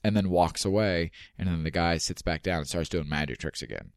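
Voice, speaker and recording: A male comedian telling a story in casual chat, animated, swearing freely and acting out the voices of people he quotes. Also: sits low, a little fast, clear, resonant tone, dry recording, studio quality.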